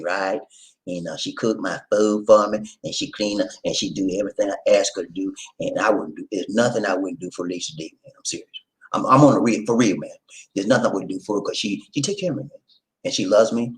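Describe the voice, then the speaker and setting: A man's voice: fairly low pitch, rough recording. A man hosting a casual livestream, chatting with viewers, laughing and giving sing-song introductions. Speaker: livestream host.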